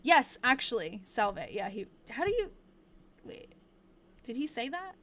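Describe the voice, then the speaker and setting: A young woman hosting a casual livestream, chatting and slowly reading diary entries aloud, laughing often. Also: fairly high pitch, very animated, fairly bright tone.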